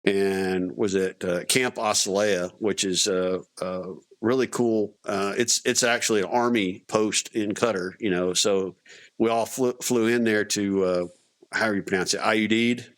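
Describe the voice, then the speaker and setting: A man's voice: fairly low pitch, steady tone, a little slow. A middle-aged man, a veteran guest on a podcast, telling stories casually with many restarts and fillers. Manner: rambling, many restarts, acts out quotes. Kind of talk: casual storytelling interview.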